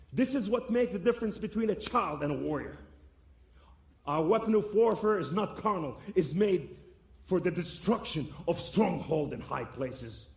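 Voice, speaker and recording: A man giving preached testimony to a church, impassioned, swinging between loud and soft. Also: high voice, lively intonation, moderate pace, vocal fry. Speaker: guest speaker giving testimony. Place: church sanctuary. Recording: echoey room sound.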